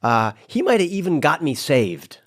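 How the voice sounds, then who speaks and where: A man guest in casual podcast chat, telling a story with lively voiced-out quotes. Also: fairly high pitch, normal speed. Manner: animated storyteller, acts out quoted lines.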